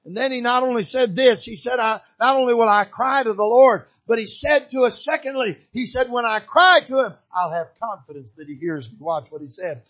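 An older male pastor from Michigan preaches from the pulpit in a notably high voice. He swings from shouted exhortation down to hushed, soft emphasis. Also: fairly quick, few pauses. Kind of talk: preaching a sermon. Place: church pulpit.

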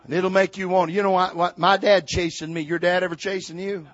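An older man preaching a sermon, swinging from shouted exhortation to quiet, folksy storytelling. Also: sits high, level tone, fairly quick, no room sound, lo-fi sound. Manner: fiery preaching, builds to shouts then drops to quiet storytelling.

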